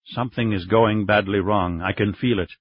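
A man voicing a worried minister who speaks gravely, on slightly dull, muffled audio. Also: fairly low pitch, steady tone, normal speed, dry recording. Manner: grave, uneasy.

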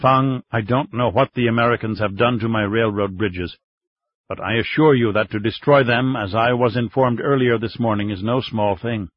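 A grave minister confides his unease, as a man voices him. His tone is serious and a little husky. The recording is dry and dull. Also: medium pitch, moderate pace, no echo, close to an everyday voice. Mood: grave worried. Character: worried, grave male minister.

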